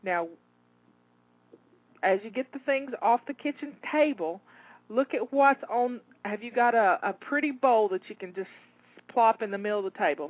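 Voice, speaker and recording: Encouraging woman, phone-like sound. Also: mid-range voice. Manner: encouraging, coaxing, repeats words. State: a bit out of breath. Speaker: home organizing coach. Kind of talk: motivational cleaning pep talk. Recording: dry tinny phone-like sound.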